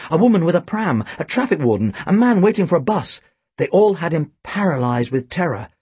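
A man narrating a storybook with a dry, wry, expressive delivery. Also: mid-range voice, slightly rough, no echo. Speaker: audiobook reader.

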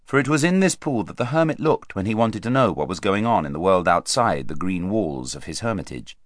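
A man narrating an audiobook in an expressive storytelling manner, speeding up and slowing down with the action. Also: low voice, no room sound, clean studio sound. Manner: expressive storytelling, varied pace.

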